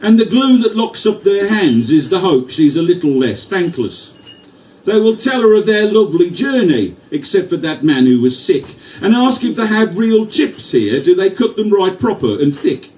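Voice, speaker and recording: A Midlands storyteller with a Brummie lilt, as a man puts it on, carrying rhymed verse along in a higher, sing-song voice. His tone is mellow, and the sound comes from some way off the mic, recorded live in a venue. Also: big pitch swings, moderate pace, far from the mic, rough recording. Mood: narrating. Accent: put-on Birmingham accent. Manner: lilting, rhythmic verse delivery. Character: Midlands man reading a tender story poem.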